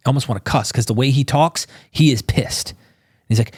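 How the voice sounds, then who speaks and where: A man talking casually as a podcast guest, animated and informal, acting out quotes in exclaiming voices. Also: mid-range voice, brisk, slightly rough, dry recording, clean studio sound. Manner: casual, swears and says bro.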